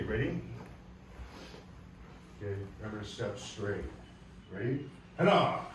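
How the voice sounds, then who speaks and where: A man with a Southern US accent teaching a martial arts class, explaining calmly and barking loud counts. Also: medium pitch, a little hiss or hum. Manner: calm explaining, with loud barked commands. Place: large echoey training hall. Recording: echoey hall, voice from far off.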